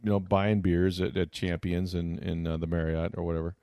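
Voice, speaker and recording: A man hosting a sports talk show, telling a lively anecdote and slipping into impressions of other people. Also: sits low, fairly quick, dry recording, studio quality. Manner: animated anecdote teller, mimics others' voices. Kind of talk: casual storytelling chat.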